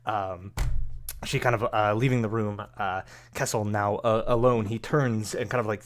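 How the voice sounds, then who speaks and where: Male game master, low-pitched, rambling live-stream narration. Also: steady tone, moderate pace, a little hiss or hum. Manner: rambling, full of fillers and hedges.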